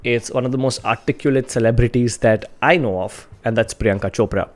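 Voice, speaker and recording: A man's voice: mid-range voice, a little fast. Earnest male communication coach. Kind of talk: instructional explainer video.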